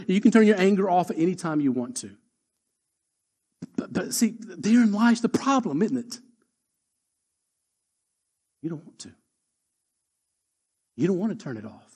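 A man preaching a sermon as pastor, emphatic, slowing down to repeat his key lines. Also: high-pitched, a little mellow.

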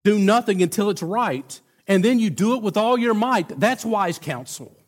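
A male pastor preaching a sermon in a conversational, emphatic way, with halting restarts. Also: sits high, animated.

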